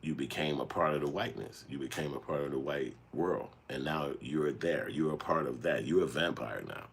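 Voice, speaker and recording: Man, extremely low voice, breathy husky tone, AAVE speech, loose rambling monologue, profane storytelling. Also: normal speed. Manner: rambling, animated storytelling with street slang and profanity. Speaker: filmmaker and channel host. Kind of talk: casual monologue commentary.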